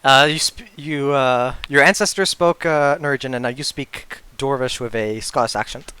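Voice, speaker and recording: A man's voice: mid-range voice, normal speed, sharp tone, smooth. A man running a tabletop game as dungeon master, explaining steps patiently with fillers, his throat sore. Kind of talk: narrating a tabletop game over voice chat.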